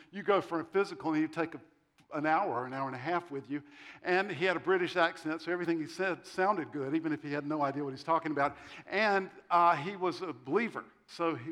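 Man preaching with wry humor, higher-pitched. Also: fairly bright tone. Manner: storytelling with self-deprecating humor and quoted dialogue. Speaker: pastor. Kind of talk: sermon.

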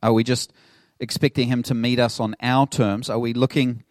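A middle-aged man preaching a sermon as a pastor, his tone easy and conversational as he acts out the people in the story. The sound is dry and close, with little room around it. His pitch sits in an ordinary middle range. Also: moderate pace, no room sound. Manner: conversational, animated storytelling with laughs.

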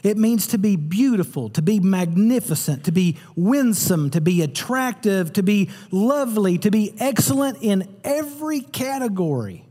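A man's voice: high voice, expressive, moderate pace, hardly any pauses, dark tone, breathy edge, in a large hall. A man preaching a sermon as pastor, teaching earnestly and repeating words for emphasis.

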